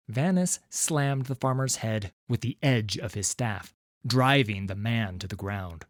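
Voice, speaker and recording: An audiobook narrator with a lowish voice reads a fantasy story in a slow, measured storytelling style. The scripted narration is a dry recording with clean studio sound.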